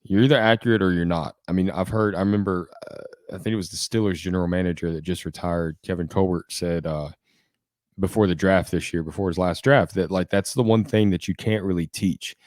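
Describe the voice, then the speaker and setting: Sports podcast co-host, man, low register, assured and methodical, dry mic. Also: fairly even intonation, brisk, darkish tone, dry recording. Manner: confident, argues point by point. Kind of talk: casual sports talk.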